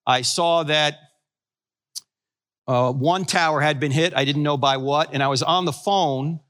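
Sixties male apologist with a high, bright voice; wisecracking storyteller for a room. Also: unhurried. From New Jersey. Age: 60s. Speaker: Christian apologetics speaker. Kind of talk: humorous live talk to an audience. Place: room with a live audience.

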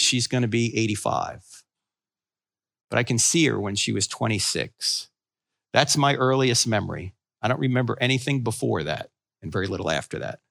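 Man in his sixties, from New Jersey, bright voice, animated pitch, storytelling speaker, live audience. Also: vocal fry. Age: 60s. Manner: storytelling, acts out quoted voices, wisecracking. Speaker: Christian apologetics speaker. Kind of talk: humorous live talk to an audience.

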